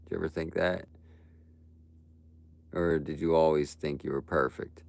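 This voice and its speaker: Deep, gravelly young male streamer. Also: steady tone, moderate pace, a little mellow. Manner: ranting, blunt and profane, frequent "bro" and "like". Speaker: livestreamer. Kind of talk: live stream talk to chat.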